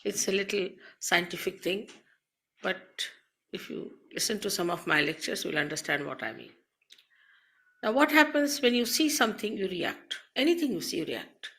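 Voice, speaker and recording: A woman spiritual teacher giving a slow, measured talk to an audience, speaking into a mic in a hall. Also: medium pitch, sing-song, a bit bright.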